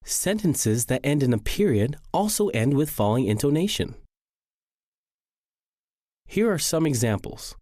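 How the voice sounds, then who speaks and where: Lively-pitched man reading a lesson. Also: normal speed, no echo, clean studio sound. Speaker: English teacher. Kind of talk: scripted lesson narration.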